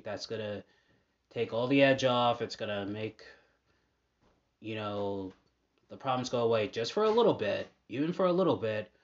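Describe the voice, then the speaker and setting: A man hosting a podcast, talking casually in a halting way with many fillers and restarts. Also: fairly low pitch. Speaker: podcast host. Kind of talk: casual monologue. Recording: dull lo-fi audio.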